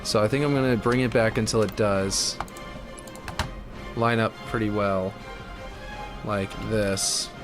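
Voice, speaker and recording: A man's voice: on the low side, fairly even intonation, slow pace, pauses often, music in the background. Man thinking aloud while building. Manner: chatty, thinking aloud, puzzled muttering. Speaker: map builder streaming his work. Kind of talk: casual talk while working on a game map.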